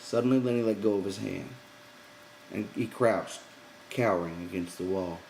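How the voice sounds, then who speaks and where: A man reading a novel aloud in measured audiobook narration. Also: low-pitched, steady tone, creaky, a little mellow, a little hiss or hum, low-quality recording. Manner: measured storytelling. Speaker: reader.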